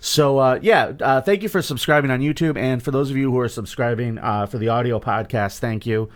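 A man's voice: mid-range voice, fairly quick. A man co-hosting a comedy podcast, chatting casually, teasing his co-host and reading sponsor spots. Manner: teasing, joking banter. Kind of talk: casual chat and sponsor reads.

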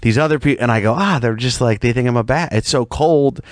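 A quick-talking man with a mid-range voice, recorded in clean studio sound with no echo, guests as a comedian on a laid-back chat show. Hailing from Rochester, New York, he spins animated, meandering tales, restarting again and again.

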